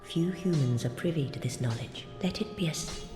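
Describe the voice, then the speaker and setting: An actress playing a mysterious woman sorcerer in a video game, who speaks in a measured, secretive way. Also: low-pitched, lively intonation. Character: mysterious woman sorcerer, dark-arts teacher. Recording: game audio, echoey with music.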